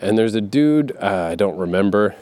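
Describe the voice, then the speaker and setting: A man's voice: lowish voice, lively intonation, moderate pace, darkish tone. A man talking in a casual, rambling monologue, swearing freely and often laughing between his points. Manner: profane, laughs often, many fillers and asides.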